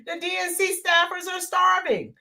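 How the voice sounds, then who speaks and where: A woman co-hosting a casual political commentary livestream, animated, reading out viewer comments and greeting them by name. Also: very high voice, normal speed, vocal fry, slight background noise.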